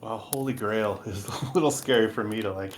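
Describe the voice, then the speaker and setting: A man presenting a technical software overview and answering questions, talking enthusiastically and loosely with plenty of fillers. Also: on the low side, fairly quick, a little hiss or hum.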